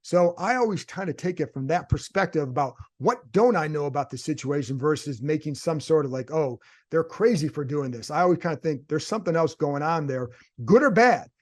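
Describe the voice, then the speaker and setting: His slightly high voice has lively intonation and moves a little fast with few pauses. A sports reporter and podcast host, he thinks out loud in a casual solo segment, asking rhetorical questions and then answering them.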